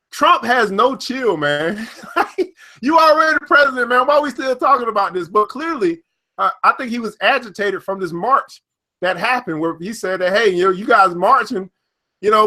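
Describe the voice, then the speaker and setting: A young man, hosting casual news and market commentary, reading headlines and riffing with frequent laughter. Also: high-pitched. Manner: animated, laughs often, reads headlines then riffs. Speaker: financial commentary host.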